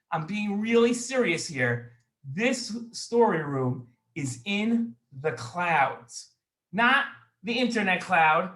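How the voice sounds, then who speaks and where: A man with a high, bright voice hosts a children's show, calling out to the kids watching and repeating each line for emphasis. He sounds upbeat and eager. The room around him rings with echo. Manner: energetic, repeats phrases, addresses children directly. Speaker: host of a children's Jewish show. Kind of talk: upbeat kids' show hosting and storytelling.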